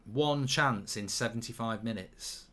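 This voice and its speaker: Casual football streamer, male, chatty and joking, mid-pitched voice. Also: unhurried, bright, forceful tone. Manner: chatty and jokey, reading out viewer comments. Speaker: football commentator reacting to a live match. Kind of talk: casual live-stream match commentary.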